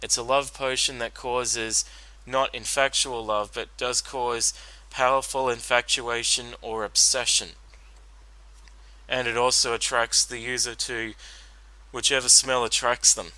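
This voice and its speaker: A man's voice: mid-range voice, level tone, measured pace, bright, forceful tone, rough recording. A man giving a solo commentary on a cartoon episode, rambling with many fillers and restarts. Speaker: reaction commentator.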